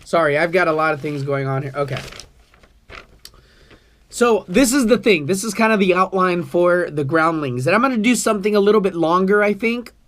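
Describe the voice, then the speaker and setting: A man's voice: high-pitched, animated, a little fast, fairly bright tone, slight background noise. A man vlogging to camera about his acting class, talking in an earnest, rambling way, bothered by allergies. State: allergies, coughing. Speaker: vlogger, improv student. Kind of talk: casual talk to camera.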